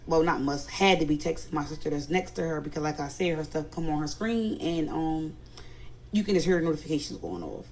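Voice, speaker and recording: A woman's voice: low-pitched, darkish tone, slight background noise, rough recording. A woman with a Philadelphia accent telling a family story in a casual storytime, animatedly quoting others and growing indignant. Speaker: storyteller recounting family drama.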